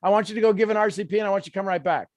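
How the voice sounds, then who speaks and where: A man hosting a live video-call coaching session, animated and repeating phrases as he encourages guests. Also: high voice, very fast, no room sound, studio quality. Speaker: host.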